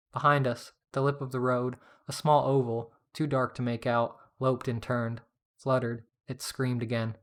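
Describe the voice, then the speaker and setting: A man narrating a first-person story in a steady, plain reading voice. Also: mid-range voice, a little slow.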